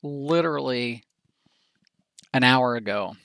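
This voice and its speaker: A man giving a casual software training presentation in a folksy, chatty, animated way, with slangy asides. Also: medium pitch, slow pace, no echo.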